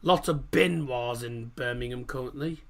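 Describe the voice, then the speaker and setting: Reading out live comments during a football watchalong, this Middlesbrough streamer chats casually and rambles, stumbling into plenty of fillers and restarts. He has a mid-range, slightly bright, creaky voice and speaks at a normal speed.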